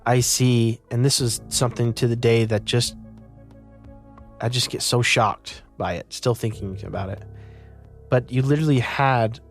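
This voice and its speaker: A man's voice: medium pitch, steady tone, measured pace, faint music behind. A young man from Utah earnestly recounting his own story in an interview. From Utah, United States. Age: young adult.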